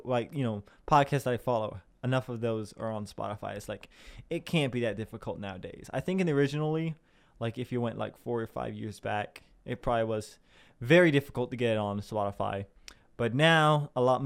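A young Southern Illinois man with a creaky, medium-pitched voice hosts a podcast. His casual, rambling monologue is chatty and self-deprecating, full of fillers and curse words.

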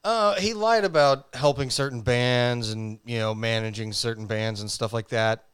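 A man's voice: mid-range voice, moderate pace, a bit bright, smooth, no room sound, studio quality. A man co-hosting a casual podcast, telling a history story in a jokey way and laughing often. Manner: jokey, laughs often, reads facts loosely.

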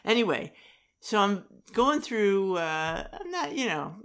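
Middle-aged woman, casual co-host, rambling delivery full of restarts, mid-pitched voice. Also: big pitch swings, a bit bright. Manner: rambling, halting restarts and fillers. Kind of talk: casual conversation.

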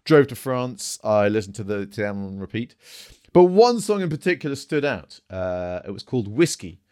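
Easygoing male co-host, lowish pitch, loose chatty delivery. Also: big pitch swings, moderate pace, darkish tone, clean tone, dry recording, clean studio sound. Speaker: podcast co-host. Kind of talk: casual podcast chat.

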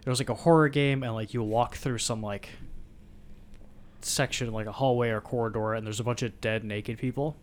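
A man in an ordinary mid-range voice chats through movie scenes, stacking up fillers and cursing freely. His talk is loose and unpolished, like a relaxed podcast conversation between friends. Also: mid-range voice, normal speed, slight background noise. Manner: loose, filler-heavy, swearing, retelling scenes. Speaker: podcast co-host. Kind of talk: casual movie discussion.

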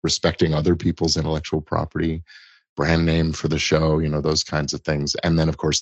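A man's voice: extremely low pitch, breathy edge, dry recording, muffled recording. A middle-aged man, an entertainment lawyer, explaining things thoughtfully as an interview guest, often restarting phrases. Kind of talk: conversational interview answers.

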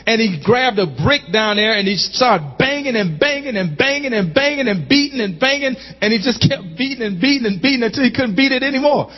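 A man preaches a sermon in a high, ringing voice, calling to his congregation and climbing into shouts. The sound is somewhat dull and lo-fi. His voice trails off in a long reverb, as in a large church sanctuary. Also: lively intonation, brisk, hardly any pauses. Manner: call-and-response preaching, rising to shouts. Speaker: pastor.

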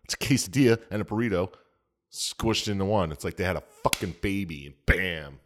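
A man's voice: deep voice, lively intonation, fairly quick, noisy background. A young man co-hosting a casual podcast, joking, swearing freely and laughing a lot. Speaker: podcast co-host.

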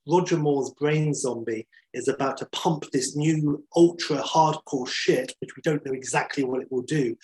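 A man's voice: mid-range voice, darkish tone, poor audio. A man, a podcast host, telling a story in enthusiastic, chatty talk with many fillers. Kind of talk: casual storytelling chat.

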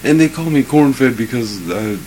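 A man's voice: mid-range voice, animated, moderate pace, darkish tone, a little hiss or hum, poor audio. A man co-hosting a casual podcast, joking and laughing a lot, with casual swearing. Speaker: podcast co-host. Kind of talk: casual chat.

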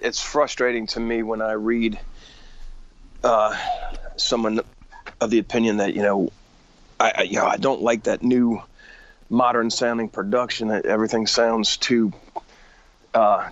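A man's voice: medium pitch, muffled recording, a little hiss or hum. A male singer as an interview guest, talking earnestly and frankly, with stumbling restarts. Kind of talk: casual interview chat.

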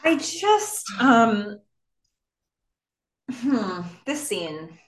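A woman co-hosting a casual podcast, thinking out loud about a scene with frequent pauses and restarts. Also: a little high, very animated. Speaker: podcast co-host. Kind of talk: casual rewatch podcast chat.

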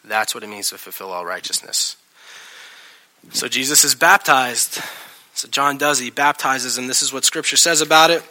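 A man preaching a sermon in a casual, chatty way, acting out scenes with lively voice changes. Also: mid-range voice, moderate pace. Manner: animated, acts out scenes with shifting voices; casual, chatty delivery with laughs. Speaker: pastor.

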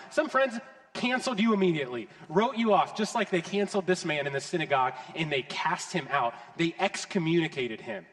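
A man preaching a sermon with passion, swinging from loud declarations to hushed, intense passages. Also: on the high side. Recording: long hall reverb.

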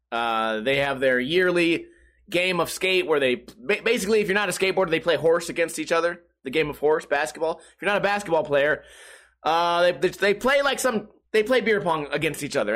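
High, bright-voiced ranting podcast man. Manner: profane, exasperated ranting with mocking voices. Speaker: podcast host. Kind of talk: comedic podcast rant.

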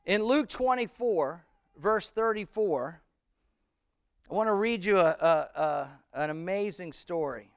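A man preaching as senior pastor, earnest, dropping to a hush for scripture and climbing loud when stirred. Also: high voice, expressive, a little slow, clean tone, no room sound, studio quality. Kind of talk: sermon.

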